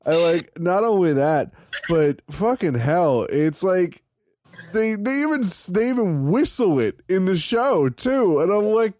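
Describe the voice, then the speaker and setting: Excitable young man with a lively voice. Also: unhurried, dry recording. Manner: excitable, swearing, jumps up in pitch when worked up. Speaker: podcast co-host. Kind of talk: casual chat.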